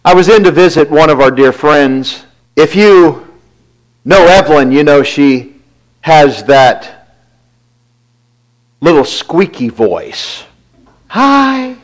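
A man giving a devotional talk, earnestly retelling a friend's words and quietly counting his blessings. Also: a little high, animated, slow pace, pauses often, poor audio. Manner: reflective, quiet listing of blessings.

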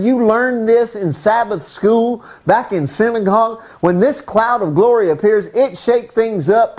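A man's voice: high voice, darkish tone. A man teaching a sermon from the Bible, earnest and casual, bringing the scenes to life with vivid retellings.

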